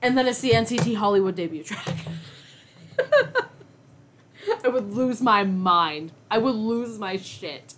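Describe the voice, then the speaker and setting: A woman's voice: medium pitch, moderate pace, few pauses, a little hiss or hum. A young woman co-hosting a podcast in casual chat, joking and ranting with bursts of laughter. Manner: giggly, animated, jokey rants. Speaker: podcast co-host.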